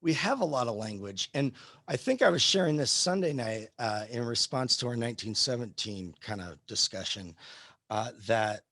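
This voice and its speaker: A man leads a casual live history class, wandering through his points with lots of fillers, restarts and searches for the right word. His voice sits at an ordinary middle pitch, recorded close and dry with no room sound. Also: expressive, moderate pace, pushed and bright, dry recording. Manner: rambling, many fillers and restarts. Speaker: history teacher.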